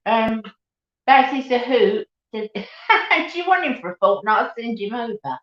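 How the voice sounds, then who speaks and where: A chatty woman with a Cockney accent hosts a live stream, her voice sitting a little high. She rambles warmly to her viewers and calls them darling and sweetheart. The sound is roomy and dull, like a lo-fi home stream. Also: lively intonation, measured pace. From East End of London. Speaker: beauty channel host. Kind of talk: casual live-stream chat.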